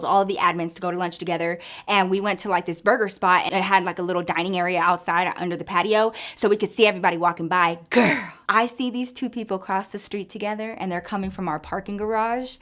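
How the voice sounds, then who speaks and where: Animated woman vlogger telling a story. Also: medium pitch. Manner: animated and expressive, slangy, acts out every quote. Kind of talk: casual story-time chat.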